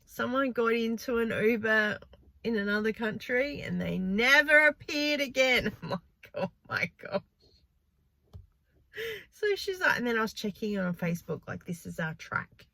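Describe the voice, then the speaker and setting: A woman, chatting casually in a vlog and telling stories in an animated way with frequent laughs. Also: fairly high pitch, measured pace, vocal fry, dry recording. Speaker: vlogger. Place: in a car.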